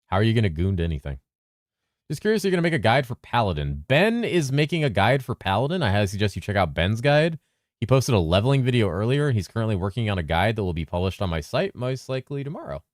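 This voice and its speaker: A man with a very deep voice chats casually on a game stream, reading chat messages aloud and answering them with casual swearing. He switches between lively presenter inflection and a flatter low voice, talking fast to keep up with chat, and the studio sound is clean with no echo.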